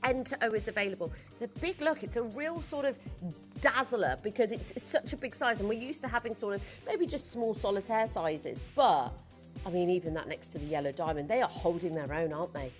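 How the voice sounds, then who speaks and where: A woman's voice: medium pitch, lively intonation, a little fast, faint music behind. A woman presenting live on a shopping channel from a TV studio, speaking in chatty, gushing sales patter full of asides.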